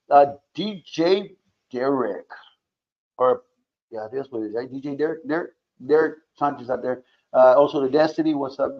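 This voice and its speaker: A man hosting a podcast, chatting casually and giving many shout-outs, mixing in Spanish words. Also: medium pitch, muffled recording. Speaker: podcast host.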